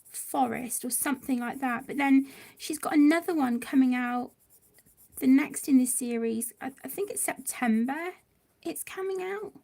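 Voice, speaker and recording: A woman hosting a casual livestream, talking in a gentle, halting, effusive way. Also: high-pitched, vocal fry. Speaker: livestream host of an adult colouring channel.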